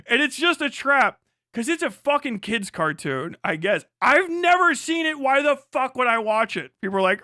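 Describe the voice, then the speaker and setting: A man with a high, bright, sharp voice rants through casual live-stream commentary. He swears often and laughs between points. The sound is dry and close, with no room around it. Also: fairly quick, no room sound. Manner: profane, laughing, animated.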